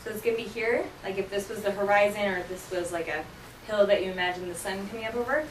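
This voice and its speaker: A woman's voice: medium pitch, steady tone, fast, distant mic. A woman teaching a sign language class, explaining vocabulary patiently and checking in with her students often. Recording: roomy classroom from afar, faint noise.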